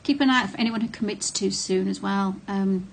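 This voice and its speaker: A woman's voice: medium pitch, fairly quick, vocal fry, a little hiss or hum. A middle-aged woman talking casually to camera, blunt and candid, with frequent ums and restarts. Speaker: vlogger on narcissistic abuse.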